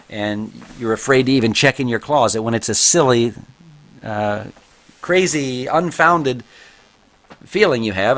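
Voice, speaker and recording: A man's voice: medium pitch, fairly bright tone. A man who teaches martial arts, talking casually on a motivational podcast and reading book passages aloud between his own comments.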